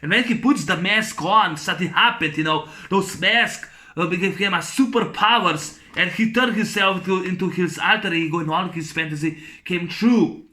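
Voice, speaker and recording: A man's voice: high voice, moderate pace, few pauses, pushed and bright. A man giving a casual, rambling spoken film review. He is enthusiastic, halts over fillers and restarts, and laughs often as he retells scenes. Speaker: movie reviewer.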